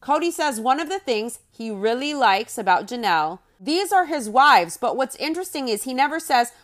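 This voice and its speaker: A woman's voice: on the high side, big pitch swings, moderate pace, hardly any pauses. A woman hosting a podcast, recapping a reality show in a blunt, sarcastic monologue and mocking quoted lines in exaggerated voices. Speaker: podcast host.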